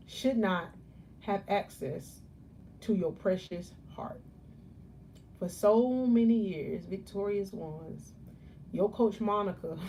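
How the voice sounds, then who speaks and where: A woman life coach delivers a live motivational talk, preachy and emphatic, repeating key phrases and slowly stressing words. Her voice is medium-pitched and mellow, with a little hiss or hum in the audio.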